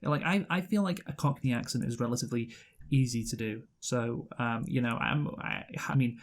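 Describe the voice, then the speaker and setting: A man hosting a casual movie review chat, halting and restarting often and laughing along the way. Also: mid-range voice.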